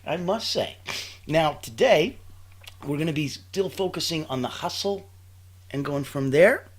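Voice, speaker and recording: A man's voice: fairly high pitch, slightly rough. A man hosting a live online show in an upbeat, playful way, with sound-effect interjections. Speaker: show host.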